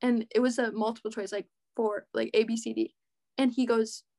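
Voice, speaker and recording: A woman's voice: on the high side, fairly even intonation, moderate pace, a little mellow. A young woman co-hosting a casual chat, telling stories and acting out quotes. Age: young adult. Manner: chatty storyteller, acts out quotes.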